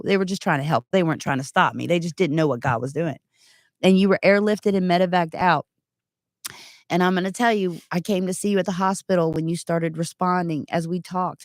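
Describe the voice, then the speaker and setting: A woman's voice: on the low side, no echo. Earnest woman telling a story, dry sound. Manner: earnest, animated storytelling with many asides. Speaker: guest giving testimony. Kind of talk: emotional personal testimony.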